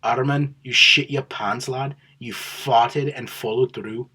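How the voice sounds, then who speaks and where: A man doing a rough impression of a brash young male fighter in an attempted Scouse accent, mocking a rival with crude taunts. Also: medium pitch, steady tone, takes it slowly, pushed and bright, heavily acted.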